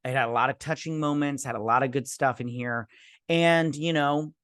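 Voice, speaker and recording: A man's voice: mid-range voice, normal speed, fairly bright tone, dry recording, studio quality. Rambling man reviewing a TV episode. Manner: rambling, lots of fillers and restarts; acts out characters' lines in mocking voices. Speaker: TV review host. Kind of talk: casual spoken review.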